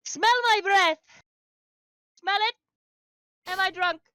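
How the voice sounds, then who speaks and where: A woman voicing a small, tough female dragonborn investigator with a loud, theatrical manner. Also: very high voice, fairly even intonation, slow, no echo, pitched above the performer's own voice, full character voice. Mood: outraged. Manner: loud, theatrical, then whispering worriedly.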